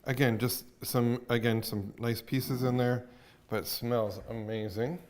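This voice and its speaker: A man's voice: mid-range voice, fairly even intonation, a little slow, darkish tone, slight background noise. A man hosting a cooking show from a cottage kitchen, chatting and explaining as he cooks. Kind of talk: casual cooking demo.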